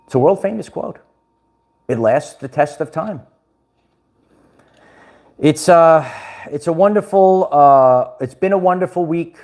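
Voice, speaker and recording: A man's voice: fairly high pitch, measured pace, pauses often, darkish tone. A man hosting a casual livestream, rambling, restarting words and laughing often. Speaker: livestream host.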